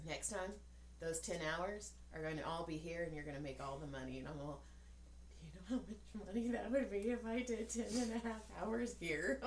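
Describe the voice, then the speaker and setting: A tired woman in her forties chats on a podcast, acting out the voices in her story and swearing as she goes. Her voice sits at a middle pitch, and the room around her rings with echo. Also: slight background noise. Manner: animated storyteller acting out quotes, swears freely. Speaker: podcast co-host. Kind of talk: casual storytelling chat. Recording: echoey room.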